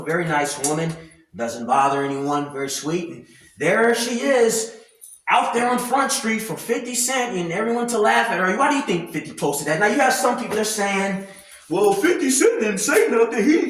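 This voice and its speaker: A man ranting loudly and animatedly in casual commentary, swearing freely. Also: high-pitched. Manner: loud, animated, profane ranting. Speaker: commentary vlogger. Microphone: camera mic at a distance, no clip-on mic. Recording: very echoey room, voice far from mic.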